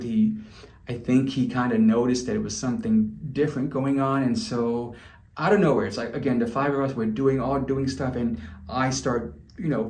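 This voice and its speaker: A man talks straight to camera in a candid, chatty way, telling a long personal story with loose restarts. His voice sits at an ordinary middle pitch, and the room rings around him with a noticeable echo. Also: a little mellow. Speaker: vlogger. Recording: roomy echo.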